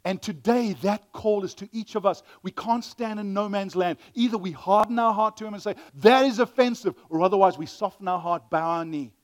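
High-voiced guy preaching, gets loud then goes real soft and tender. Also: a little fast, few pauses. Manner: dramatic swings from loud exclamations to hushed, tender asides. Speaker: pastor. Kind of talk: sermon.

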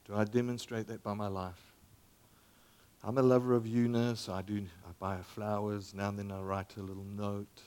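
A man in his sixties preaching a sermon as pastor, conversational and animated, dropping to near whispers and rising again. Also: lowish voice, normal speed, smooth. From Zambia.

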